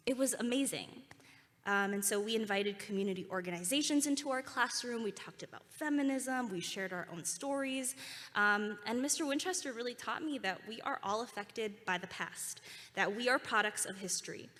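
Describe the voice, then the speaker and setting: A young woman speaks earnestly and warmly about community and dreams, her tone bright and forward. Her voice carries through a school auditorium with a long ringing reverb. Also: medium pitch, normal speed. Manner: earnest and heartfelt, leads a call-and-response. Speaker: alumni keynote speaker. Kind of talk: ceremony speech. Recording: reverberant hall.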